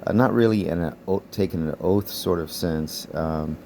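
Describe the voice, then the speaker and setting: A man teaching Koine Greek in a casual, explanatory way. He thinks aloud, pauses to recall words and chuckles lightly as he goes. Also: deep voice, mellow, a little hiss or hum.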